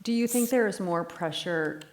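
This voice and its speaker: A woman hosts an onstage talk as the interviewer, relaxed and conversational. Her voice sits low with a lot of gravelly fry. She affirms her guest with short replies. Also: normal speed, a little hiss or hum. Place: live talk event on stage.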